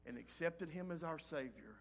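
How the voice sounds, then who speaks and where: A man preaching a sermon as pastor, reading scripture aloud and swinging between loud rises and soft, low drops. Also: lively intonation, normal speed, gravelly, a little hiss or hum. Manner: reads scripture in old-fashioned wording.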